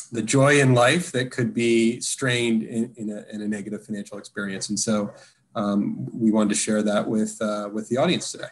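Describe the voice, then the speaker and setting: Flat-voiced, halting man. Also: on the low side, a little hiss or hum. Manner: halting, with many fillers. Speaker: webinar panelist. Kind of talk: webinar presentation.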